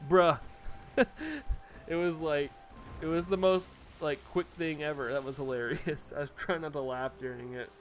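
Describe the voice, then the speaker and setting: A man's voice: a little high, steady tone, normal speed, soft background music. A young man live-streaming, chatting casually and laughing often as he reacts to viewer messages.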